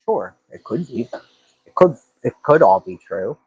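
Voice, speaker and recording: A man's voice: medium pitch, big pitch swings, measured pace, breathy edge, no echo, dull audio. A man hosting a true-crime livestream, talking casually and thinking aloud with lots of fillers and restarts.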